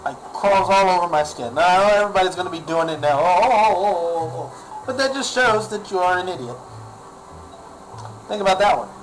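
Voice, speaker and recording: A man's voice: sits high, animated, fast talker, soft background music, poor audio. A man ranting in a casual vlog, exasperated and sarcastic, often repeating himself. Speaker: vlogger.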